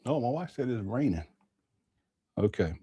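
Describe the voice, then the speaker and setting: A man's voice: mid-range voice, sing-song, normal speed, dark tone, breathy edge, no echo, studio quality. A man chatting casually on a live stream, musing aloud and repeating himself as he comments. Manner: rambling, musing, with a lot of repetition.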